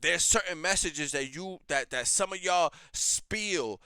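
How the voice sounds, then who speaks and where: A man's voice: fairly high pitch, measured pace, bright, forceful tone, clear, resonant tone, no room sound. A man hosting a reaction show, ranting in blunt, heated, profane commentary.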